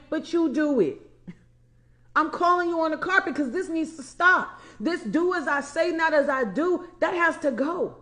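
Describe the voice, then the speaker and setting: An empowerment coach in her forties speaks emphatically in a high voice during a motivational livestream. She repeats key lines and calls her listeners y'all and honey.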